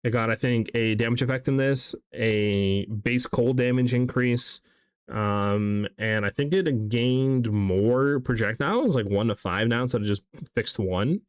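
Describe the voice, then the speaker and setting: A man's voice: medium pitch, a little slow, clean tone, no echo, studio quality. A man streaming a game live, chatting casually in a rambling way with lots of fillers as he answers chat.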